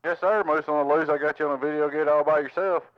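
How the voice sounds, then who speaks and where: Fast-talking man on CB radio. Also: on the high side, steady tone, dry recording, dull audio, faint music behind. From Tennessee, US. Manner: friendly, repeats call signs and greetings in a drawl. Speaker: CB radio operator recording the channel. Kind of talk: casual CB radio chatter. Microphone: handheld radio microphone at home.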